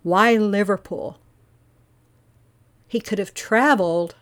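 A woman hosting a true-crime podcast, narrating a case in a measured, earnest way and posing many rhetorical questions. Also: lowish voice. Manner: volunteer investigator speaking earnestly.

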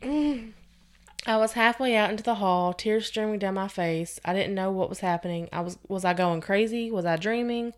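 A woman's voice: mid-range voice, normal speed. A woman hosting a podcast, reading a scary story aloud with expression and sometimes restarting a phrase. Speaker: podcast host reading stories.

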